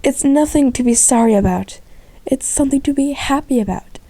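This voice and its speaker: A woman voicing a gentle old female grandmother cat who tells tales softly and slowly. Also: high-pitched, dry recording, voice pushed up. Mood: wistful.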